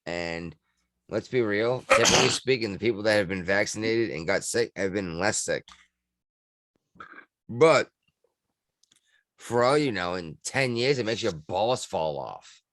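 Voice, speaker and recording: Low-voiced crude podcast host. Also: male voice, lively intonation, a little slow, long pauses, a bit bright, no echo. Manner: crude, rambling, laughs easily. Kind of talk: casual podcast chat.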